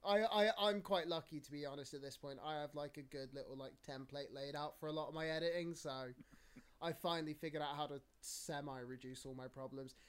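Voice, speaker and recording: A man's voice: a little high, steady tone, a little fast, clean tone. A man with an English accent hosting a podcast, chatting casually, rambling, swearing freely and laughing between points. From England. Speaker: podcast host. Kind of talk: casual chat.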